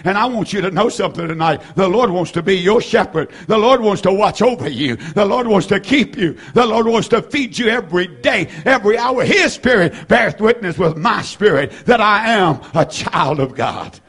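Fervent older man preaching, husky and high. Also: animated, moderate pace, hardly any pauses. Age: 70s. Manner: fervent, repetitive preaching with frequent "uh" fillers and shouted peaks. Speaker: pastor. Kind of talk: sermon.

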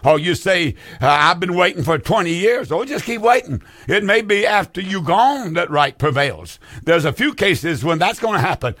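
A man's voice: high-pitched, big pitch swings, moderate pace, hardly any pauses, fairly bright tone, no room sound, clean studio sound. A male pastor, preaching fervently on a radio call-in program in a sing-song drawl, repeating his rhetorical questions.

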